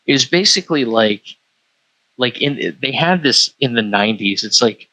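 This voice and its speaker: A man co-hosting a podcast in casual chat, rambling with many pauses. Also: medium pitch, lively intonation, sharp tone, no echo, rough recording. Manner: rambling, many fillers and restarts.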